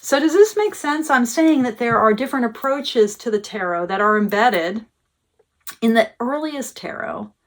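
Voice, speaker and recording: A woman teaching tarot, explaining ideas at a measured pace, often checking in with her listeners and pausing on filler sounds. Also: fairly high pitch, lively intonation. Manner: thoughtful, checks in with listeners, many filler uhs. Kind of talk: explanatory talk to camera.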